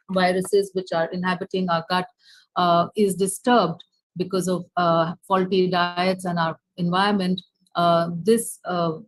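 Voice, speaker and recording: This is a woman with an Indian English accent lecturing over a video call. Her voice sits a little low and sounds close and dry. She speaks haltingly, filling pauses and restarting her sentences. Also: no echo, rough recording. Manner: hesitant, many fillers and restarts. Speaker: nutritionist giving a lecture. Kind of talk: online lecture with slides.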